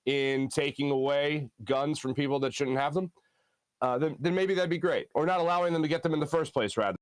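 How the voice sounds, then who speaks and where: A man hosting a sports talk show, speaking hoarsely in an earnest, halting way from a studio. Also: medium pitch, no echo.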